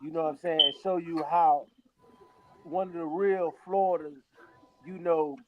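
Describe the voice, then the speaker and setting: A man's voice: a little high, fairly even intonation, measured pace, lo-fi sound. A man joining a talk show as a guest, chatting in a laid-back way about college sports. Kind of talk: casual sports banter.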